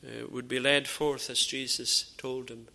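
A man preaching a sermon in an earnest, measured way, with frequent pauses and repeated phrases. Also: medium pitch, flat delivery, gravelly, bright, forceful tone. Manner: drops to a near whisper in dramatised dialogue.

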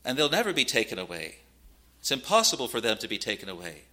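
A man's voice: medium pitch, big pitch swings, a little fast, pushed and bright. A man preaching a sermon in a solemn, earnest manner, quoting scripture in old-fashioned wording. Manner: solemn, rising to urgent warnings.

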